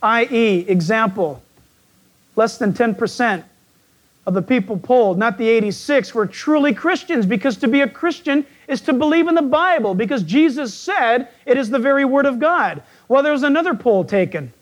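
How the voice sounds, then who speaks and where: Croaky-voiced male pastor preaching. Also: very high voice, lively intonation, moderate pace. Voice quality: croaky, frog-like voice. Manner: folksy, jokey, asks the crowd questions. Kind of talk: sermon.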